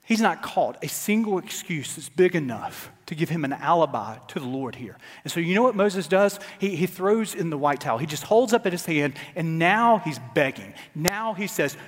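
A male pastor preaching a dramatic sermon to his congregation, sometimes dropping to soft near-whispers. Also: high voice, animated, moderate pace, few pauses. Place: church sanctuary. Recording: church sanctuary with long reverb.

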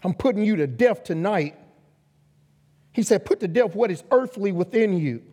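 A man preaching a sermon as a guest pastor, emphatic and calling for responses from the congregation, rising to loud exhortation. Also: high voice, expressive, normal speed. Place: church sanctuary. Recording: long reverb of a large hall.

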